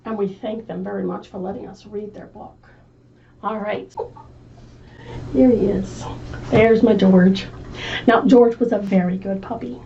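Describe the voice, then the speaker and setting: A woman librarian reading a picture book at a children's storytime, slow and expressive, asking the children questions, on a distant, muffled mic. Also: medium pitch, gravelly, a little hiss or hum. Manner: animated, slow and expressive, asks the kids questions.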